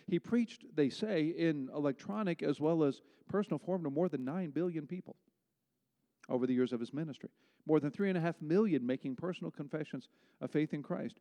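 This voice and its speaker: Male pastor, mellow mid-high voice, emphatic conversational sermon, long hall reverb. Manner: conversational, emphatic preaching with rhetorical questions.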